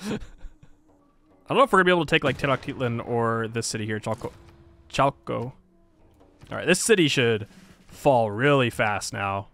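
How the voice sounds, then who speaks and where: Lively, chatty young man streaming. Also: mid-range voice, brisk. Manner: chatty, jokey, laughs often, talks to himself and chat. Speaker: streamer playing a strategy game. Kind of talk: casual gameplay commentary.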